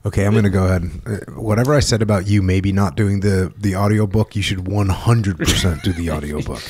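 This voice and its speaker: A man hosting a podcast, reading book passages aloud at a steady measured pace and chatting with his guest. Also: deep voice, a little hiss or hum. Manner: reads book passages steadily, then brief listening murmurs. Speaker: podcast host.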